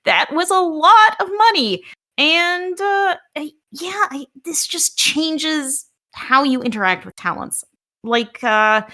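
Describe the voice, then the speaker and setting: Bright, eager woman podcaster. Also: sits high. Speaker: podcast co-host. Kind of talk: casual gaming podcast chat.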